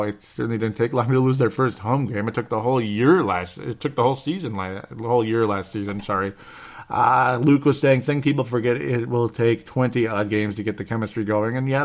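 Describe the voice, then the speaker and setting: A man's voice: medium pitch, fast. A man hosting a live sports podcast, talking casually and at length, repeating himself and tagging lines with "okay?". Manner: talkative, repeats himself, frequent "okay?" asides. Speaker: podcast host.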